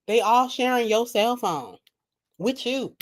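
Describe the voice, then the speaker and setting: A woman's voice: a little high, animated, slow pace. A woman streaming live at night and making mocking, rambling, profane comments about a video while she laughs at her own jokes.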